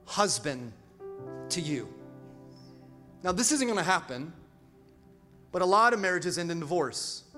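A middle-aged male pastor preaching a sermon with call-and-response asides and sudden swings from quiet to loud. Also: high-pitched. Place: large church hall. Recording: reverberant church hall with music.

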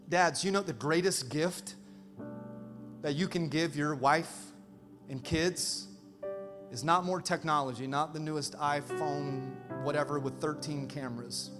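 A man in his thirties preaching a sermon as pastor, energetic and animated, calling out to the congregation. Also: on the high side, slow. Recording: reverberant hall, faint music behind.

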